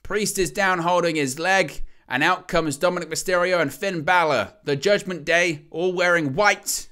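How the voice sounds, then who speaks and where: A man hosts a live wrestling watch-along, calling the match in a bright, slightly high voice. He jokes and laughs along with the action and gets loud and excited when the crowd erupts. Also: normal speed, smooth. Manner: joking, excitable play-by-play with laughs.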